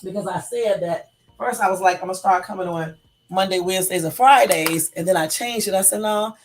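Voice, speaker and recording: A middle-aged woman hosting her own livestream in a casual, rambling chat, talking very fast. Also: lowish voice, a little hiss or hum. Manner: talks very fast, chatty and rambling. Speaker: livestream host.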